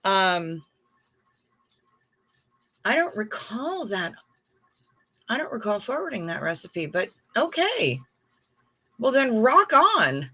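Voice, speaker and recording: Woman livestream host, middle-aged, unhurried, effusive casual chat with viewers. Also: on the high side, very animated, pushed and bright, breathy edge. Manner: chatty, effusive, reading viewer comments aloud.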